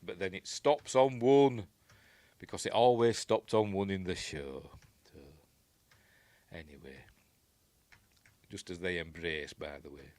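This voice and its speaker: A man's voice: deep voice, unhurried, pauses often, a little mellow, dry recording. A man with a Yorkshire accent giving a rambling, chuckling commentary on a film, acting out quoted lines. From Yorkshire, England. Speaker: film reviewer.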